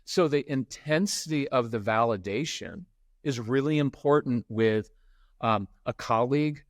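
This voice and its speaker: A man's voice: mid-range voice, measured pace, no echo, studio quality. A middle-aged man speaking as a podcast guest, telling stories and acting out the people in them. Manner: animated storyteller who acts out quotes. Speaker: podcast guest, parenting expert. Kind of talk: conversational interview, storytelling.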